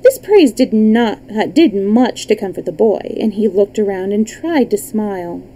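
Lively woman reading a storybook. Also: mid-range voice, normal speed, slight background noise, poor audio. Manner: lively, with small slips and restarts. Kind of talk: reading a children's book aloud on a livestream.

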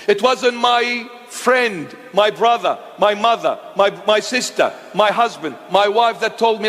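A man delivers a sermon in a church, his fairly high voice carrying through a long reverb. He speaks slowly and emphatically, firing questions and answering them himself. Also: fairly bright tone. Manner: call-and-response questioning, emphatic. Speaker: preacher. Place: church hall.

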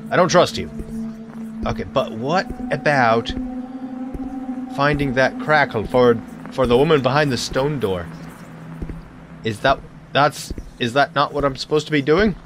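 A man's voice: mid-range voice, a little slow, music in the background. A man hosting a horror game let's play, talking in a playful way with silly made-up words.

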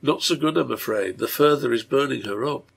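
A man voicing a worried, gentle mother in a read-aloud story. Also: mid-range voice, a little fast, vocal fry, slightly rough. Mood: anxious. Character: worried poor mother, woman, gentle and anxious.

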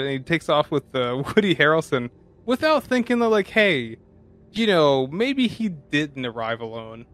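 A man's voice: on the high side, big pitch swings, normal speed, a bit bright. A man co-hosting a casual movie-review podcast, playful and fond of silly voices. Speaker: podcast co-host.

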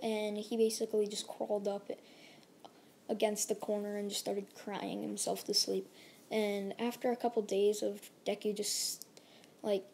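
A woman's voice: medium pitch, mellow, a little hiss or hum. A woman casually retelling a fan story, rambling along with lots of fillers.

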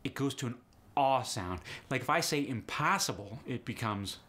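A man's voice: mid-range voice, animated, moderate pace, pushed and bright. A man teaching an accent lesson step by step, upbeat and explanatory, saying example words to show each sound. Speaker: accent coach.

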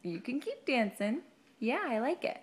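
A woman's voice: fairly high pitch, big pitch swings, moderate pace. A woman filming her baby at home, coaxing and praising him in a sing-song, encouraging voice. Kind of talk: home video baby talk.

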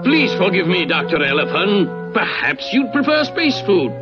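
A man's voice: high voice, sing-song, normal speed. A man playing a stern, formal scientist who captains a spaceship, in an old cartoon dub. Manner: commanding, formal. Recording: dull old dub with music.

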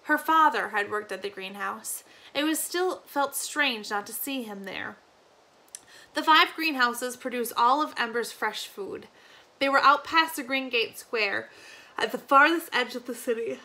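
A woman teacher reading a novel aloud to her class, steady, with small slips and restarts. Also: a little high, a little slow.

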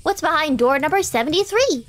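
A woman streamer talks her way through a night-drive game, chatty and easily startled. Her voice sits fairly high and swings widely in pitch. She keeps up a steady running commentary into a desk mic. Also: fairly quick. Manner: chatty, excitable, talks to herself while playing. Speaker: streamer playing a driving horror game.

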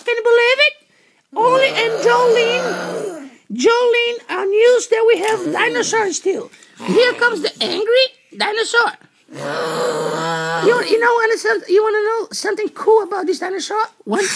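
A woman with a very high, bright voice that swoops up and down as she gives playful, rambling commentary. She plays a pretend reporter presenting a parade of animals and keeps breaking into excited shouts. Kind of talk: playful home-video commentary.

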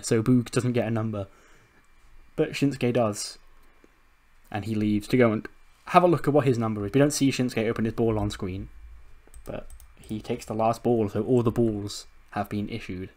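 A man's voice: lowish voice, warm tone. A man host narrating a wrestling game in a casual, sweary storytelling way, laughing often. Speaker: gaming channel host. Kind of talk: casual let's-play narration.

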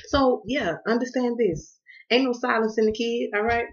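A woman's voice: on the high side, steady tone, normal speed, highs cut off. A woman from the Southern US reading tarot in a casual vlog, playful and slangy, cussing freely and half losing her voice. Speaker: tarot card reader.

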